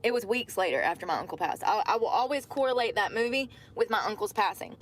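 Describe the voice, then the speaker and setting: A woman's voice: medium pitch, lively intonation, fast talker, a little hiss or hum. A woman telling a personal story casually to her livestream viewers, calling them y'all. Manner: chatty, addresses viewers as y'all.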